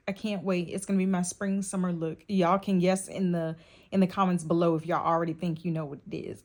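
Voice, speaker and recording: A woman's voice: lowish voice, fairly even intonation, brisk. A young woman, chatting casually to her viewers in a vlog. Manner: chatty, warm address to viewers with lots of y'all. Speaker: vlogger. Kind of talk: casual vlog chat to camera.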